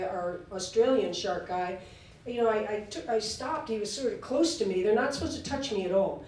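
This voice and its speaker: Woman in her sixties, laughing lively guest at a talk, roomy sound, faint hum behind. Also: mid-range voice. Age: 60s. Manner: animated, laughing, fillers and restarts. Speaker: interview guest. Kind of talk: lively storytelling on stage. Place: live event hall. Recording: echoey room, voice from far off.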